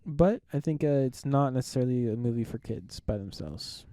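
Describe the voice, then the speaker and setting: A man co-hosts a laid-back movie review podcast. His voice is mellow and warm, and he pauses with ums and laughs easily. The sound is close and dry, with no room echo. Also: mid-range voice. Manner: relaxed, laughs often, hesitant with ums. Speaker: podcast co-host. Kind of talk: casual movie review chat.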